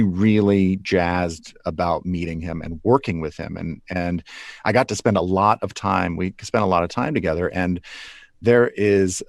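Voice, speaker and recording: A man's voice: low voice, no room sound, clean studio sound. A man being interviewed about puppeteering, talking loosely with restarts and small chuckles. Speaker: puppeteer guest. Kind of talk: relaxed interview answers.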